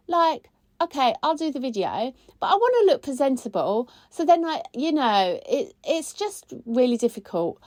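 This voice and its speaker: A woman, hosting a casual weekly chat. She talks in a chatty, expressive way, and her pitch jumps high when she gets excited. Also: unhurried, dry recording, studio quality. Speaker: podcast host, spiritual coach.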